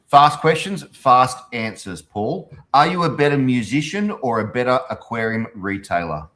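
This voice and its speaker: Australian male host, matey quick-fire interviewer, mid-pitched. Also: animated, pushed and bright. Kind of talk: casual interview chat.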